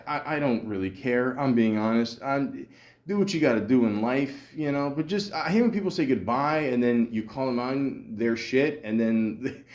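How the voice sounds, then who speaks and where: A man's voice: medium pitch, darkish tone. A man hosting a podcast, telling a story in a casual, rambling monologue full of fillers, stammers and sarcastic asides. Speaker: podcast host.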